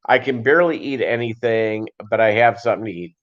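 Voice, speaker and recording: A man's voice: on the low side, a little fast. Rambling man telling a story, lo-fi. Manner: rambling, loose, with many restarts and asides. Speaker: livestream host.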